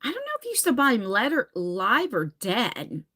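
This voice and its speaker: A woman's voice: on the high side, wildly swooping pitch, moderate pace, sharp tone, slightly rough. A woman in her forties chatting on a live stream, reading comments and telling stories dramatically, swearing casually. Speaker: livestream host.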